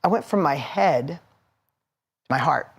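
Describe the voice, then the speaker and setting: A man's voice: on the high side, lively intonation, a little slow, vocal fry, breathy edge. A man in his forties giving a motivational seminar talk, punchy and emphatic, hammering points with repetition. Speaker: motivational speaker.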